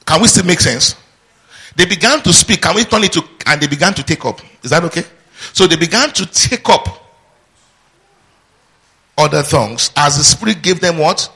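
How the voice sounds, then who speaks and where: Lively preacher, bright husky voice. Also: male voice, fairly high pitch, normal speed, pauses often. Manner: call-and-response, asks the congregation to finish his sentences; lively teaching with asides and laughter. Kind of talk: sermon.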